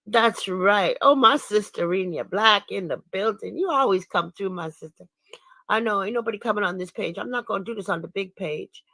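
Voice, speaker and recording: A woman's voice: medium pitch, creaky, pushed and bright, no echo. Indignant woman speaking out, dry close mic. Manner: indignant and emphatic, laughing scornfully. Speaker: online commentator and activist. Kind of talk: casual livestream commentary.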